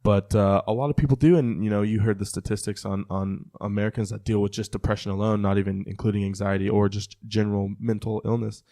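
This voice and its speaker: A man's voice: fairly low pitch, little pitch movement, quick pace, hardly any pauses, warm tone. A man co-hosting a podcast, talking casually and enthusiastically with lots of fillers. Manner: chatty, filler-heavy, enthusiastic. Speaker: podcast co-host. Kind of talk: casual chat.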